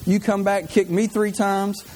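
A man's voice: sits high, level tone, normal speed, darkish tone, lightly acted. A man voicing a stubborn old farmer, curt and dismissive, in a joke told during a sermon. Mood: matter-of-fact. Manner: blunt, dismissive.

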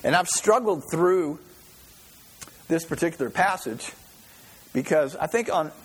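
A man's voice: on the high side, animated, measured pace, husky. A male pastor giving a conversational sermon, telling stories in a folksy way and often restarting his sentences. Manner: folksy storytelling with frequent restarts.

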